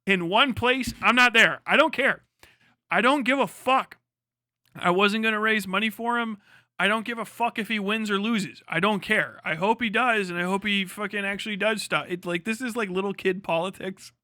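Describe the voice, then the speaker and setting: A man's voice: sits high, moderate pace, sharp tone, no room sound, clean studio sound. Profane, ranting young male streamer. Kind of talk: casual live-stream commentary.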